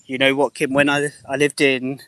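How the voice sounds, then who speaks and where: A man's voice: mid-range voice, monotone, moderate pace, bright, forceful tone, clean tone. A man in his thirties from England with a slightly mixed English accent, chatting casually to viewers on a live stream and swearing freely. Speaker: livestreamer.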